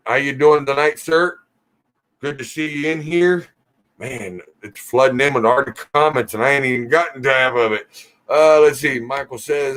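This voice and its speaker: A man hosting a casual live Q&A stream, reading viewer comments aloud and teasing regulars in a relaxed, joking way. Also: medium pitch.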